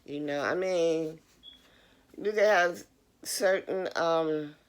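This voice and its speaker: Middle-aged woman vlogger, unhurried and preachy, slightly low voice, talks straight to viewers. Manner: earnest, preachy, addresses the audience directly. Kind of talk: casual motivational talk.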